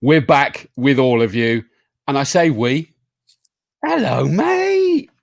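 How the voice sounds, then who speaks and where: A man's voice: medium pitch, a little slow, no room sound, studio quality. A man hosting a live online show, greeting viewers by name and joking with his co-host. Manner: jokey, greets viewers by name, laughs often. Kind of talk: casual live show chat.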